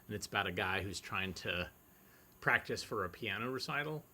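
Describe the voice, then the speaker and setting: A man's voice: lowish voice, normal speed. A man casually hosting a vintage film stream, rambling between films. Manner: relaxed, rambling, with fillers. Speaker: host. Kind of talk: casual livestream commentary.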